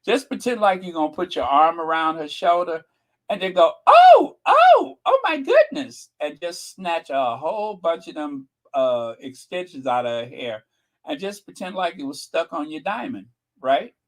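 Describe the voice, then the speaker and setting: A man's voice: a little high, normal speed, low-quality recording. A man hosting his channel in casual gossip commentary, sassy and mocking. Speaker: channel host.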